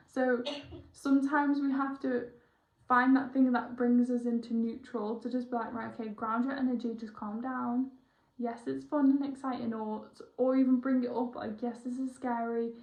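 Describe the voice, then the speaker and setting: Chatty young woman, roomy dull sound. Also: fairly high pitch. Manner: chatty, excitable, rambling with quick self-corrections. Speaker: spiritual healer. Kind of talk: casual one-on-one session chat.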